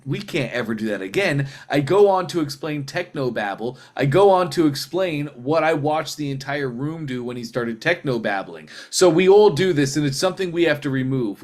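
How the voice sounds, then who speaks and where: A man coaching a group in a casual teaching talk, telling stories in a lively, rambling way and acting out what people said. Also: mid-range voice. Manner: animated storyteller who acts out quotes; loose and rambling, with restarts. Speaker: sales training coach.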